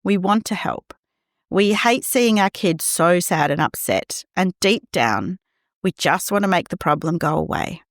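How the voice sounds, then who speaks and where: Gentle, animated woman podcast host. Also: fairly low pitch, measured pace, no echo, studio quality. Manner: gentle, reassuring, acts out quoted lines. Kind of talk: scripted podcast monologue.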